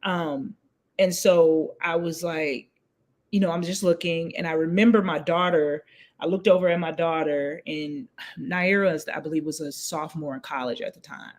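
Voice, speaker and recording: A woman in her forties, a guest, telling a personal story in an interview and acting out the voices of the people in it with big jumps in pitch. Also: fairly even intonation, normal speed.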